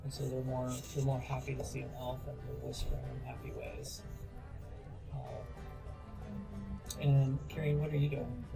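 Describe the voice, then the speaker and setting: A man narrating a tabletop game as game master, talking in a halting way with many fillers. Music plays clearly behind him. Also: medium pitch, flat delivery, poor audio.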